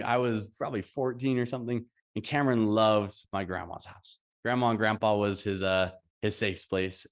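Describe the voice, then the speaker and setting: A young man in his twenties giving a funeral tribute for his brother, telling stories warmly with fillers and restarts. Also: medium pitch. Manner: heartfelt storytelling with fillers and restarts. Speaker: eulogy speaker, brother. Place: funeral service.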